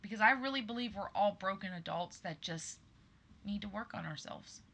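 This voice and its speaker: A woman's voice: mid-range voice, moderate pace, bright, forceful tone, a little hiss or hum. A woman in her thirties hosting a podcast, talking earnestly and with emphasis straight to her listeners. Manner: earnest, emphatic, addresses listeners as "you guys". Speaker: podcast host. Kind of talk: personal monologue to listeners.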